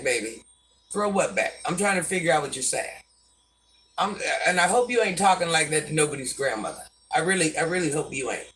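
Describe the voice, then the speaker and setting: Folksy life advice comes from a live-stream host, a deep-voiced woman around sixty who calls herself Granny and her viewers "baby" and "hun." Her tone is fairly bright, and she sits far from the mic.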